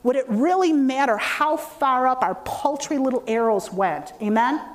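A woman's voice: high-pitched, moderate pace. A middle-aged woman giving a storytelling testimony in church, acting out the voices of the people she quotes. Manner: storytelling with lively acted quotes. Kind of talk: testimony sermon.

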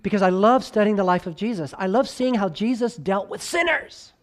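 Dramatic preaching man with big swings. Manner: dramatic swings from loud highs to hushed lows; stretches key words slowly for emphasis. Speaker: pastor. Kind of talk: sermon.

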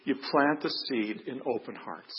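A man's voice: medium pitch, animated, measured pace, slightly rough. An older man earnestly telling a personal faith story in a plain-spoken way, acting out what people said. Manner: earnest, plain-spoken, acts out quoted lines. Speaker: speaker giving a testimony. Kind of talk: storytelling testimony. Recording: echoey hall, dull lo-fi sound.

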